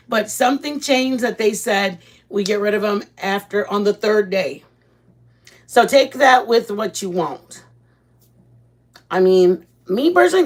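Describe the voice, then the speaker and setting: A woman chatting casually with viewers while making food in her home kitchen, rambling and greeting people by name. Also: medium pitch. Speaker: vlog host. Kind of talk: casual live-stream chat while cooking.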